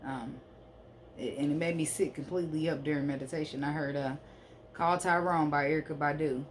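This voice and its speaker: A woman's voice: sits low, steady tone, a little fast, slight background noise. A woman giving a casual tarot reading to camera, emphatic and blunt, and she keeps checking in with "okay?". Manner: blunt, sassy straight talk. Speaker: spiritual card reader.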